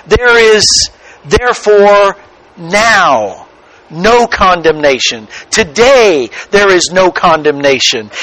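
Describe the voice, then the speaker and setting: A man preaching a sermon as pastor, slow and emphatic, stretching out key words for weight. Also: high voice, pushed and bright, low-quality recording.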